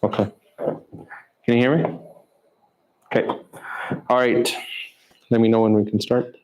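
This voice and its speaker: A man's voice: medium pitch, steady tone, a little mellow, poor audio. Man teaching a Quran lesson. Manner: asks students questions, repeats terms slowly. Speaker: Islamic teacher.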